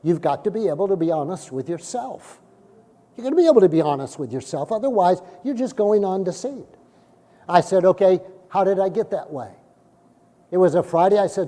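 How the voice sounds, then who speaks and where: Male pastor, middle-aged, storytelling sermon, sudden loud bursts, high warm voice, echoing church sanctuary. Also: animated, normal speed. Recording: long hall reverb from a church.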